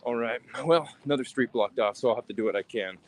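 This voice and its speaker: A man in his twenties livestreaming as he walks city streets, talking in a halting, reflective way with frequent sighs. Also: mid-range voice. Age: 20s. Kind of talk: walking livestream talk.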